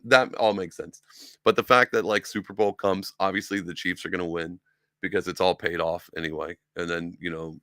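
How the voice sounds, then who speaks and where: A man's voice: low-pitched, steady tone, a little fast, bright, forceful tone, no echo, studio quality. A man hosting a solo talk show, rambling and sarcastic, with lots of ums and restarts. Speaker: podcast host. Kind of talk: casual solo commentary. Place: room with sci-fi collectibles behind him.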